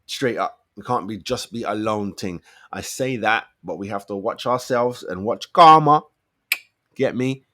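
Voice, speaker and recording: A man's voice: lowish voice, a little slow, bright, forceful tone, no echo, studio quality. A young man, giving a casual football fan commentary full of slang, often repeating himself for emphasis. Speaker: football fan channel host.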